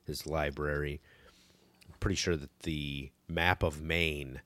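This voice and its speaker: A man with a very deep voice trades wry, casually profane comments about a film. The mic is close and dry. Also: steady tone, slow pace, fairly bright tone, dry recording. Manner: wry, agreeable, swears casually. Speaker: podcast co-host. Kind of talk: casual movie recap chat.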